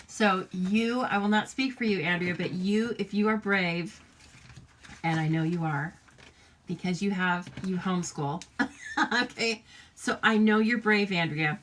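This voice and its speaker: A woman's voice: fairly low pitch, normal speed, a bit bright, slight background noise. A woman chatting her way through a live papercraft demonstration, greeting viewers by name and laughing often. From United States. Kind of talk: casual live craft demonstration.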